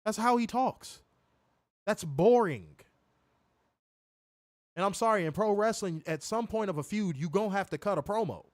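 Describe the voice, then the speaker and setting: A man's voice: sits high, expressive, moderate pace, long pauses, dry recording, clean studio sound. A man co-hosting a casual online show, talking bluntly with frequent swearing and reading viewer comments aloud. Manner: blunt, profane, reads chat comments aloud. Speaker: co-host of a wrestling review show. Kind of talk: casual chat.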